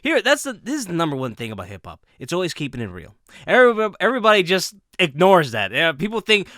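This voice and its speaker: A man talking in a lively, swooping voice with a bright, sharp edge, often breaking into laughter and dropping casual swears. He sounds close and dry, as if speaking straight into his own mic for a vlog. His pitch sits a little high for a man. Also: fast, dry recording. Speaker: commentator.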